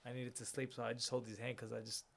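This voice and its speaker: A man's voice: medium pitch, little pitch movement, fast, creaky, a bit bright. A man in his thirties, an interview guest, earnestly telling a personal story and retelling scenes through quoted dialogue, with many fillers. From Australia.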